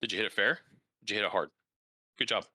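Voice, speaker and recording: A man's voice: lowish voice, fast, no room sound. A man hosting a casual interview, telling stories with lots of "like" fillers. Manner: animated storyteller, frequent "like" fillers. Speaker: podcast host and baseball coach.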